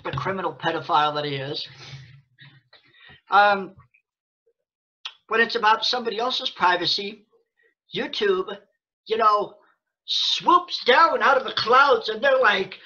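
Bright, husky man ranting angrily. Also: sits high, expressive, takes it slowly, long pauses, lo-fi sound. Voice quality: profane, sarcastic, restarting often. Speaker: vlogger. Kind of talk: angry rant to camera.

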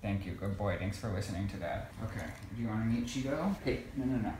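Gentle male partner coaxing pets, echoey room, background noise. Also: on the low side, fast. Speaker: vlogger's partner. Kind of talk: casual chat. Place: at home indoors.

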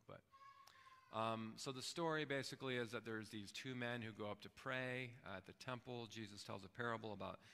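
A pastor preaches in an easy, conversational way and keeps checking in with the room. His low voice has a gravelly grain and a bright, forceful edge. The words ring out in a church hall with a long reverb tail. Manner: conversational, often checks in with "right?". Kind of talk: sermon. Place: church sanctuary.

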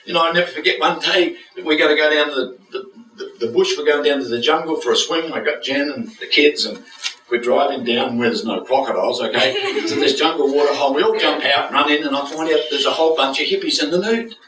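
A man's voice: a little high, quick pace. An older man preaching a joke-filled sermon, often asking the congregation for an amen. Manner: lively storytelling with jokes and call-and-response. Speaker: guest preacher. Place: church hall with congregation. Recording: echoey church hall from far off with crowd.

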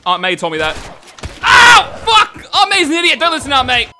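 A man giving crude, comedic commentary over a video game, often shouting and laughing. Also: extremely high pitch, wildly swooping pitch, brisk, background noise. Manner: loud, crude, shouts often and laughs at his own jokes. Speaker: gaming channel host. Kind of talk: profane comedic gameplay commentary.

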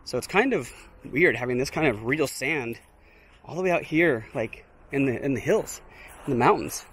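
A man filming a casual walking vlog outdoors, chatty and excited, talking straight to his viewers and a little out of breath in the heat. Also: mid-range voice, normal speed, breathy edge. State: slightly out of breath. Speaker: vlogger visiting a film location. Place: outdoors by a steel bridge in hot dry hills.

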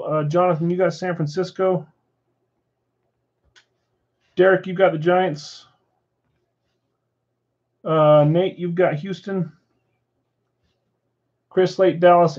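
Man rattling off team assignments, lo-fi. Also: sits high. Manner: rattles off names and teams in a steady list. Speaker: card shop breaker assigning teams. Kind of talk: live-stream card break chat. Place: card shop.

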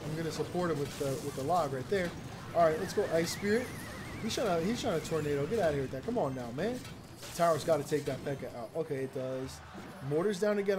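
A man giving chatty, excitable, slangy commentary while playing a mobile game, with sarcastic asides. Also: on the high side, noisy background. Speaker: gaming YouTuber. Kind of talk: casual gameplay commentary. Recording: game music behind the voice.

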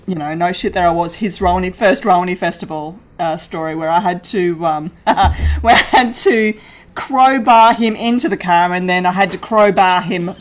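A woman's voice: on the low side, poor audio. A middle-aged woman, a podcast guest, telling a funny anecdote with lots of laughter and acted-out quotes. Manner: laughing, animated storyteller acting out quotes. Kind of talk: anecdotal storytelling in a podcast interview.

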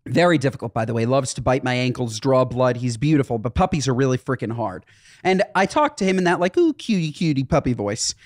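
A man co-hosting a podcast in casual chat, musing out loud and acting out little asides. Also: mid-range voice, fast talker, no room sound, studio quality. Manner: musing, talks things through with restarts and little acted asides. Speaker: podcast co-host.

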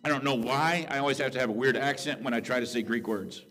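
A man preaching a sermon as a pastor, talking in an earnest, conversational way, checking in with asides and moving between hushed reflection and raised, emphatic peaks. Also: medium pitch, fast, slight background noise.

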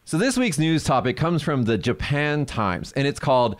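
A man co-hosting a casual chat show, an animated storyteller who acts out the people in his stories. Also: mid-range voice, normal speed. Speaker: podcast co-host.

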